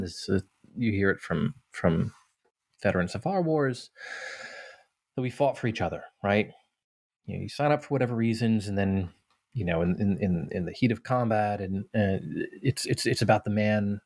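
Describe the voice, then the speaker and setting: Male author and veteran guest, low voice, earnest and thoughtful, dry close sound. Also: darkish tone, dry recording. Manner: earnest, thoughtful, many restarts and "right?" tags. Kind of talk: reading aloud then interview answers.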